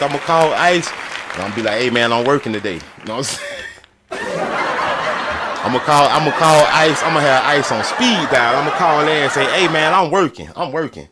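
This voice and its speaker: A man ranting in a profane, mocking way, often laughing as he talks. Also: a little high. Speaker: vlogger. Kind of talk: profane comedic rant. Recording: crowd chatter and noise behind.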